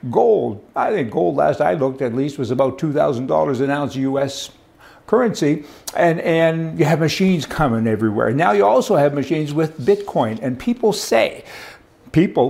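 A middle-aged man from Canada talks straight into the mic in a blunt, sarcastic rant. His voice carries a gravelly rasp and sits a little above the usual male pitch. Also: darkish tone. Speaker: commentator. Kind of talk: opinionated monologue.

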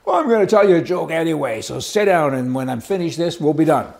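Mellow-voiced sardonic male commentator. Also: fairly high pitch, sing-song, quick pace, vocal fry. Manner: sardonic, joking asides. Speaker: political commentator. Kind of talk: casual spoken commentary.

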